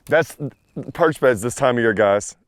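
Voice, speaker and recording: A man, a fishing show anchor, talking excitedly and out of breath on a boat outdoors. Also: mid-range voice, normal speed, smooth, dry recording, clean studio sound. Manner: excitable, shouting with joy. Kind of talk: excited on-camera fishing talk.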